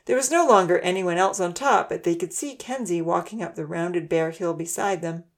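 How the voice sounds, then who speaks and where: A woman narrating a children's story in a gentle, even storytelling manner. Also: fairly low pitch, normal speed.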